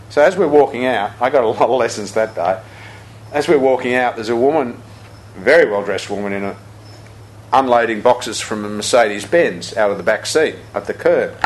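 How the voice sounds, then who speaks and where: An older man, a Buddhist teacher giving a talk full of anecdotes, told with lively chuckles. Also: medium pitch, poor audio.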